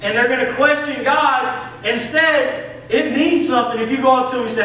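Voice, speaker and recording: A man's voice: very high-pitched, moderate pace, pushed and bright. A young man with a Southern US accent, preaching a sermon as assistant pastor in an earnest, conversational way. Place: church sanctuary. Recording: echoey church from a distance, faint hiss.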